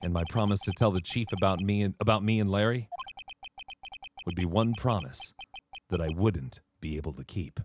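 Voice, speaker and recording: A man narrating as a young defense attorney looking back on his case, reflective and slow. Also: low voice, a little hiss or hum, pitched below the performer's own voice, natural voice.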